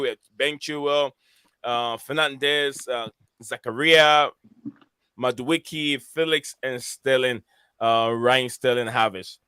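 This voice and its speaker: A man hosts a casual live stream. His voice is bright and crisp, and his talk is full of hesitant fillers as he reads names from the chat. The sound is dry and close. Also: medium pitch, dry recording. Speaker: host.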